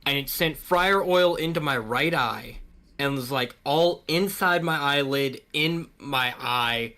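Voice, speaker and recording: A young man co-hosting a podcast, telling stories in a lively, casual way. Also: mid-range voice, slow. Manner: animated storytelling, acts out quoted voices. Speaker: podcast co-host. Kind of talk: casual chat.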